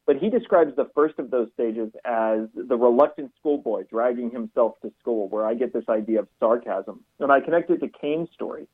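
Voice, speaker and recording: Pastor-author guest on radio, a man with a husky voice, calm and explanatory, heard over a thin phone line. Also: medium pitch. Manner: measured, explanatory. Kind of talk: radio interview.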